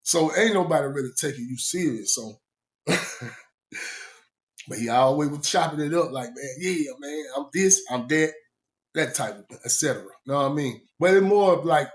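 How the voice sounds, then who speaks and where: Guy telling a prison story, laughs lots, voice a bit high, gets animated. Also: normal speed. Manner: animated, laughs often, voice jumps high when quoting himself. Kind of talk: casual storytelling.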